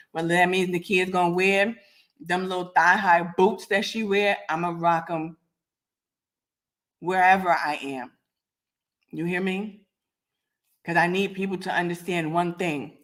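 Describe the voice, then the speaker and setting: A woman's voice: fairly low pitch, steady tone, normal speed. A woman hosting a live podcast, talking bluntly and confrontationally with heavy swearing. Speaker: podcast host.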